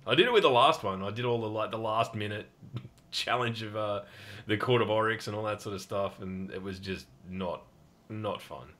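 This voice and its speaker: A man with an Australian accent hosting a casual gaming podcast, laid-back and quick to laugh. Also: fairly low pitch, a bit bright. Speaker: podcast host.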